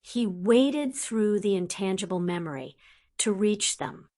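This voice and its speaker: A woman narrating an audiobook in a steady, unhurried storytelling manner. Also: medium pitch. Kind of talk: scripted narration.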